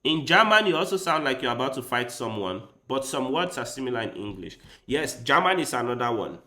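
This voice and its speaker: Chatty man with a bright voice. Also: mid-range voice, very animated, fairly quick. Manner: rambling, chatty, talks straight to his viewers. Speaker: chess streamer. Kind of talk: casual livestream chat. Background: faint background music.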